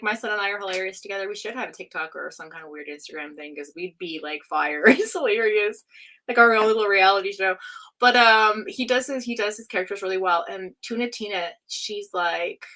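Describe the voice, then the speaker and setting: A woman's voice: mid-range voice, bright, forceful tone. A middle-aged woman from Canada chatting casually on a live tarot stream, laughing often and reading chat aloud.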